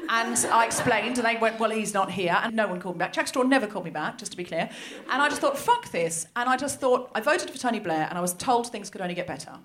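An Australian woman of around forty works a live room through a stage mic, telling a story in a slightly high voice. She jumps into the voices of the people she quotes and keeps the tale animated and quick. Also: a little hiss or hum. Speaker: comedian and host. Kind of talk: stand-up comedy set. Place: live venue before an audience.

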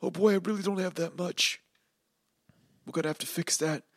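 A man's voice: sits high, steady tone, a little fast, no echo. A man running a tabletop game as game master, talking through the rules in a laid-back, chatty way. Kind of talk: narrating a tabletop game in character.

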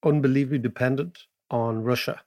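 A man, co-hosting a podcast, telling stories and explaining economics in an animated way, laughing as he goes. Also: medium pitch, fairly quick. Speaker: podcast co-host. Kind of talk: casual storytelling and economics chat.

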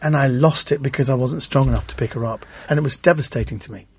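Husky-voiced man telling stories. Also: mid-range voice, fast talker, dry recording. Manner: animated storyteller, acts out quoted voices. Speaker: comedian guest. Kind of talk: casual anecdotal chat.

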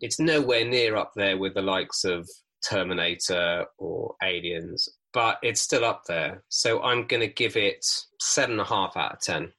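A man's voice: low voice, measured pace, bright, forceful tone, poor audio. A man co-hosting a casual film review podcast, chatty and prone to restarts. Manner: chatty, with frequent restarts and filler. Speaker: podcast co-host.

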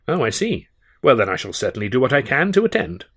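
A deadpan English butler speaks in a formal, polite way with a dry wit. A man reads him in a mid-pitched, measured voice with an English accent. His manner stays composed and understated. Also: slightly rough, heavily acted.

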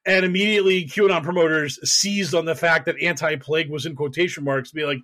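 A young man co-hosting a casual podcast, his voice sitting a little high. He rambles through stories, jokes as he goes and laughs a lot. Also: steady tone, fairly quick, bright, forceful tone. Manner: rambling, jokey, laughs often. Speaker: podcast co-host.

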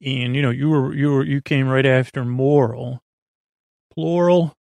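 Meandering gravelly-voiced sleep podcast man. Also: mid-range voice, little pitch movement, normal speed, darkish tone, dry recording. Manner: meandering, drowsy, full of fillers and restarts. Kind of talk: rambling bedtime podcast chat.

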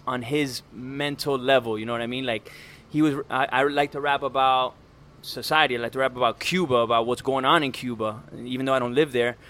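Relaxed man telling stories, casual. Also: mid-range voice. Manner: relaxed storytelling with fillers. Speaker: podcast guest, rapper. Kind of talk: casual conversation.

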